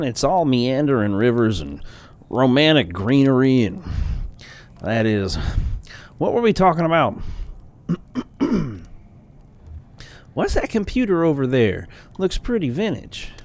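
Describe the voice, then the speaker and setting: A man voicing an absent-minded old man who mumbles, trails off and forgets what he was saying. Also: lowish voice.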